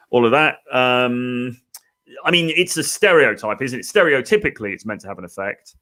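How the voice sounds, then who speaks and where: A man's voice: medium pitch, moderate pace, pushed and bright. A British man hosting a live Q&A as a dating coach, reading out viewer comments and thinking aloud in a loose, chatty way. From Britain.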